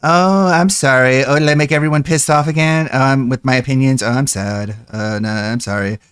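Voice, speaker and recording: A man putting on a whiny, self-pitying male critic in sarcastic mockery, voice pushed higher than his own. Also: moderate pace, a bit bright, clear, resonant tone, no echo, clean studio sound, natural voice. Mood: mock-wounded. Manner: sarcastic, exaggerated sighing mockery.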